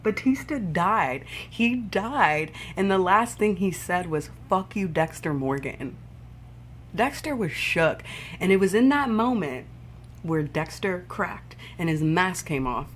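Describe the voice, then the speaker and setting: A woman with a fairly low voice tells a TV episode's story in a loose, casual recap. She swears freely and talks in an animated way, with sound effects. Faint noise sits under her voice. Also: a little slow. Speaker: TV and film recap vlogger.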